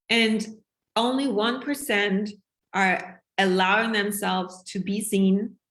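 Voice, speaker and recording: A woman's voice: medium pitch, a bit bright. Woman coach going live to her group, fired up and emphatic, swears a lot. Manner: passionate, emphatic, swears freely. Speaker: business coach. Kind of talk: live sales pitch to an online group.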